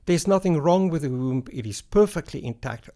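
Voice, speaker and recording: A man's voice: fairly high pitch, animated, warm tone. A middle-aged man, a hair loss doctor, explaining things step by step in a podcast interview and using everyday comparisons. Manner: measured, explains step by step with analogies.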